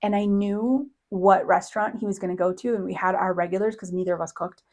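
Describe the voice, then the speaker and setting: A woman's voice: medium pitch, steady tone, brisk, darkish tone. A middle-aged woman hosting a podcast, telling a personal story in a casual, chatty way, laughing often and acting out quoted lines. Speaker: podcast host, psychic medium.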